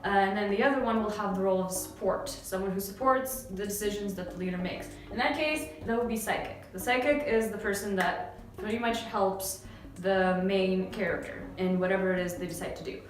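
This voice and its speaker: A young woman from Canada, explaining English phrases in a relaxed, chatty lesson with many fillers. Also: mid-range voice, a little fast, hardly any pauses. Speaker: English teacher. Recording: very echoey room with faint music.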